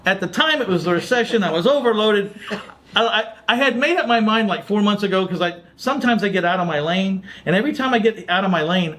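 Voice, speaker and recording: A man hosting a podcast, telling a story in a casual chat and acting out the lines of other people. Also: high-pitched. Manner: animated storyteller, quotes others' dialogue. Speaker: podcast host.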